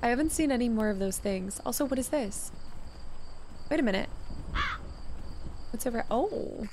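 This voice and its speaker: A woman streamer giving let's-play commentary, excitable and repeating words fast when she panics. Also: a little high, a little hiss or hum. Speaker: video game streamer. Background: loud game music.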